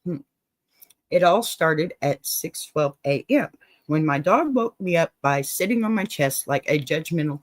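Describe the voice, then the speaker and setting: A woman's voice: on the low side, no echo. Playful woman reading an advice letter. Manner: playful, dramatic reading with laughs and asides. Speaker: advice show host.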